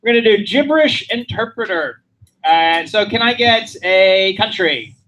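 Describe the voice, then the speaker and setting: A man hosting a live improv comedy show, with loud, profane, animated banter. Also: high-pitched, a little slow.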